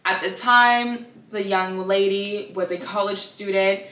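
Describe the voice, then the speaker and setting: A woman in her twenties hosting a casual gossip podcast, chatty and animated with sassy asides. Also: mid-range voice, unhurried, distant mic. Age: 20s. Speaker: podcast host. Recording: echoey room, a bit off-mic.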